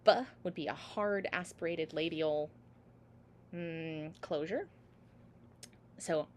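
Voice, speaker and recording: A woman's voice: deep voice, expressive, slow, long pauses, slight background noise. A woman teaching a singing class over a video call, patiently sounding out each syllable for her students. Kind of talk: online class instruction.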